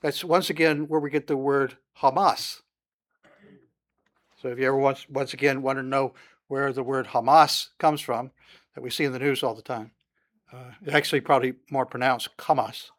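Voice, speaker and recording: A man's voice: mid-range voice, fairly even intonation, a little fast, fairly bright tone. A man teaching through a psalm in a conversational sermon, stopping often with "uh" and lifting his voice when reading verses aloud. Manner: conversational, frequent "uh" fillers, rising emphasis on scripture. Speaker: Bible teacher.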